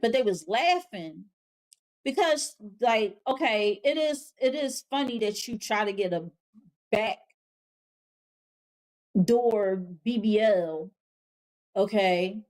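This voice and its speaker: A woman host walks through a TV episode in a casual spoken review, taking her time with each point. Her talk is slangy and chatty, broken by blunt, exasperated comments, at an ordinary middle pitch. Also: lively intonation, takes it slowly, long pauses, darkish tone. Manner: chatty, slangy recapping with frank, exasperated asides.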